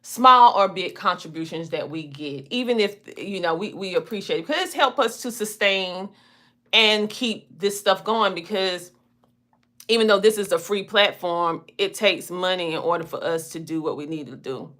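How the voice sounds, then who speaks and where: A woman with a lowish voice and a sharp tone talks at a normal speed in a Southern twang. She's from a small Southern country town and hosts a podcast, chatting casually and spinning down-home stories in a chatty, homespun way.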